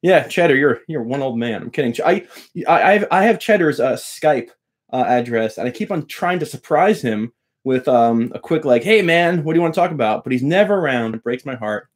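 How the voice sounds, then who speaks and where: Middle-aged guitar teacher, chatty live-stream host, joking with viewers; mid-pitched male voice. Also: animated, moderate pace. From Long Island, New York. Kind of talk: casual live-stream lesson and chat.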